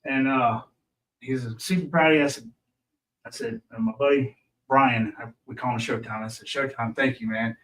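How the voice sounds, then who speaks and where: A man's voice: medium pitch, level tone, normal speed, fairly bright tone. A man, a pit crew member, telling racing stories in a casual, rambling way with many restarts. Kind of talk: casual storytelling on a racing talk show. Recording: from a distance.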